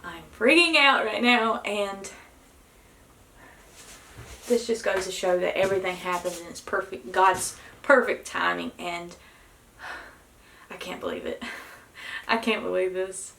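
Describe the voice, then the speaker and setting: A young woman, vlogging casually to camera, excited and nervous, with many gasped exclamations. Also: medium pitch, unhurried, vocal fry, roomy sound, poor audio. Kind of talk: casual vlog talk to camera.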